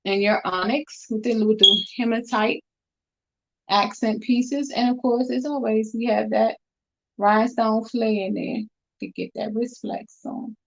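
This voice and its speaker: A woman's voice: on the high side, fairly even intonation, measured pace, gravelly, fairly bright tone. Chatty woman selling on a live stream. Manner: chatty, upbeat, talks straight to viewers. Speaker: jewelry seller on a live stream. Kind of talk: casual live sales chat. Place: room at home. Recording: dull lo-fi stream audio.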